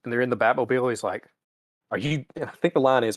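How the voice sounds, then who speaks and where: A man co-hosting a podcast talks fast in a medium-pitched voice, keeping things casual and profane. He often slips into mocking voices.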